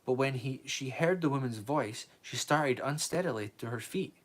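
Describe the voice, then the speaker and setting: A man reads a novel aloud on a live stream at a steady, even pace. Now and then he stumbles over a word and corrects himself before going on. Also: mid-range voice, moderate pace. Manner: steady reading with small slips and corrections.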